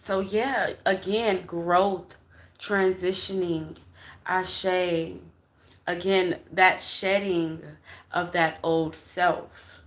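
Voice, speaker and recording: A woman's voice: on the low side, fairly even intonation, drawn-out words. A woman giving a casual spiritual tarot reading to her viewers, calling them "y'all" and checking in with "okay?" after nearly every phrase. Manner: casual, repetitive, addresses viewers as "y'all" and "baby"; emphatic, punctuates with "okay?" and "Ashe". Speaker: tarot reader.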